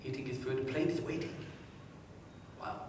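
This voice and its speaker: A man giving a live seminar, quizzing the audience and telling anecdotes in a lively way. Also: medium pitch, moderate pace, background noise. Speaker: motivational speaker. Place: large hall with a live audience. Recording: echoey hall, distant mic.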